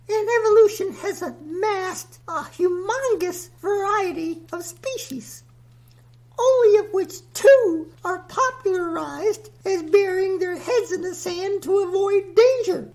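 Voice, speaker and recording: A man's voice: very high voice, takes it slowly, darkish tone, pitched above the performer's own voice, heavily acted. A man voicing Mother Nature as a grand, ancient female spirit who speaks in solemn, lofty pronouncements. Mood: lofty, grave. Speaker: podcast guest character.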